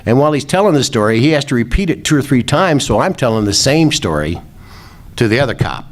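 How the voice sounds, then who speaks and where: A man's voice: medium pitch, sing-song, quick pace. An older man, a former rock roadie, telling rambling anecdotes in a casual interview and chuckling as he goes.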